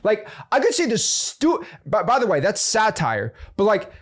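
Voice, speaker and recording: A man hosting a real estate investing channel, giving casual motivational advice. He plays devil's advocate and talks in quick restarts and fillers. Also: high voice, huge pitch swings.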